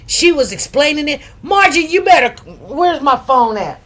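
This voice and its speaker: A woman's voice: high voice, sing-song, moderate pace, a bit bright. Chatty middle-aged woman live-streaming. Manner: chatty, greets viewers by name, repeats words for emphasis. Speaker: livestream host. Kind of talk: casual live-stream chat.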